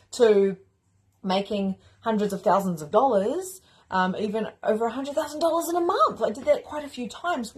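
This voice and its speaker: Leading a course, a spiritual mentor speaks in a husky voice of medium pitch. She teaches with casual, repetitive, high-energy emphasis meant to motivate.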